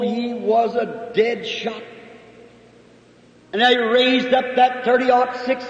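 A very high-pitched man preaches in an earnest, folksy storytelling manner. His voice carries from far off in a big hall with a long echo. The old recording sounds muffled and dull. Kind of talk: storytelling sermon.

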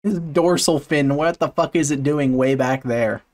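A man's voice: mid-range voice, a little slow, darkish tone. A man, a fish biologist, giving casual reaction commentary on a video in a sarcastic, amused and profane way.

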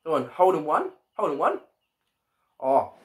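A man's voice: on the high side, sing-song, measured pace. Stammery guy gaming. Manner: stumbling, repeats words a lot. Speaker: gaming YouTuber. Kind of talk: casual let's-play commentary.

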